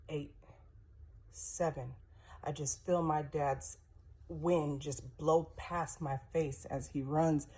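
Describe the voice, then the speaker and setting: A woman's voice: low voice, darkish tone. A woman in her thirties telling a personal story in a conversational, vivid way.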